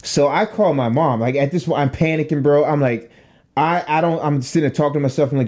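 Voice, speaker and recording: Animated young man telling a profane story. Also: a little high, fairly quick. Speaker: podcast co-host. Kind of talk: casual storytelling chat.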